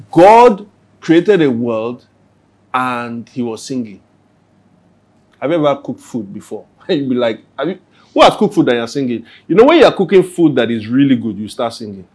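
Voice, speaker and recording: A man's voice: medium pitch, darkish tone. A man answering questions at a church Q&A, talking conversationally and acting out everyday scenes. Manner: conversational, acts out everyday scenes with little quoted voices. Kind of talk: Q&A talk.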